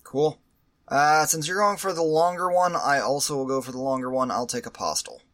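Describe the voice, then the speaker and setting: A man's voice: on the high side, brisk, a bit bright. A man hosting a casual podcast chat, teasing his co-host, laughing often and running the segments.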